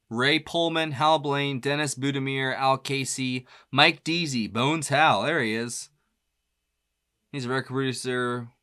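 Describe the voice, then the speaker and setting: A man hosting a reaction video chats in an easygoing, rambling way, dropping fillers and quick laughs. His voice sits at a middling pitch with a bright, pushed tone. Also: clean tone. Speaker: music reaction host. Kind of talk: casual reaction commentary.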